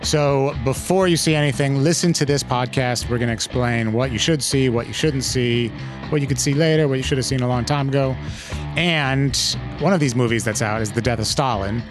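A man's voice: medium pitch, a little fast, music in the background. A man co-hosting a film podcast, playful and hyperbolic as he introduces the episode. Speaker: podcast co-host. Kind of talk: energetic podcast intro and chat.

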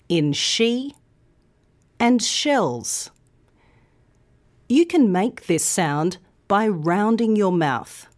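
A woman hosting a podcast, giving a clear, carefully articulated English pronunciation lesson. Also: medium pitch. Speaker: language podcast host.

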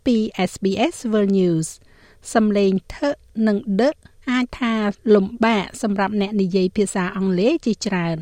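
A woman's voice: medium pitch, very fast, mellow, no room sound, studio quality. A woman announcer reading a scripted introduction to a language podcast. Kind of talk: scripted narration.

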